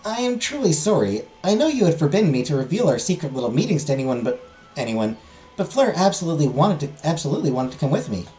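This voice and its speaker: Man doing a meek young maid, pleading, high and apologetic. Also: big pitch swings, a little fast, few pauses, soft background music. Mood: pitiful. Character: timid young lady-in-waiting, apologetic and meek.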